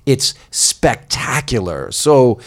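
Boston-accented man hosting, animated and jokey. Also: medium pitch, slow. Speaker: podcast host. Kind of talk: casual interview chat.

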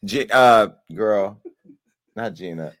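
A man hosting a call-in talk show, joking and animated as he chats and laughs often. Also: on the low side, slow. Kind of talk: casual chat.

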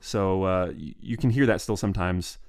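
A man's voice: sits low, moderate pace. A man hosting a podcast, telling history in a loose, digressive, stream-of-consciousness way. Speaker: podcast host. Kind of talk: casual solo history narration.

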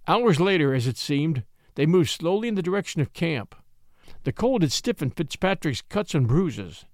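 Animated male storyteller, dry sound. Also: a little high, normal speed, no room sound. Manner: dramatic, animated reading. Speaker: audiobook narrator and podcast host. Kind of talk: expressive storytelling narration.

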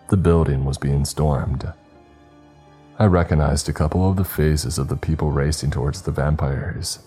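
A man narrating a first-person horror story in a steady, grave way. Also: very deep voice, slightly rough.

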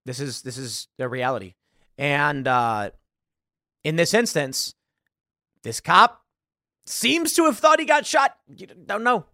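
A man hosting a casual commentary show, reacting to a video in an animated way, often laughing and acting out lines. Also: a little high, a little slow, long pauses, no echo, clean studio sound. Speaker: host.

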